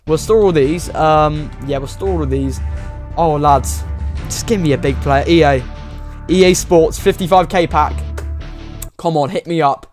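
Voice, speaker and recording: A young man with a fairly high voice narrates a game pack opening in an excitable, exclamatory way. He pleads and cheers, peppering his talk with slang. Soft music plays underneath. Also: measured pace. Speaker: gaming YouTuber.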